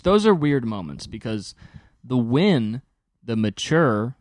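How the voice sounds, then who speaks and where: A young man hosting a podcast, telling a long story alone in an animated, exasperated way and swearing often. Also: fairly low pitch, dry recording, clean studio sound. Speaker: podcast host. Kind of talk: solo storytelling monologue.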